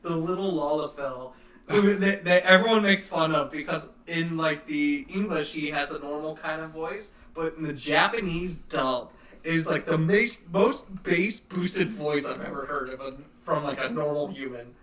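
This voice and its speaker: A young man co-hosting a casual podcast, crude and loud, breaking into shouted bits. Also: on the high side, normal speed, distant mic. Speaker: podcast co-host. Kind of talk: casual chat. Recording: roomy, off-mic sound.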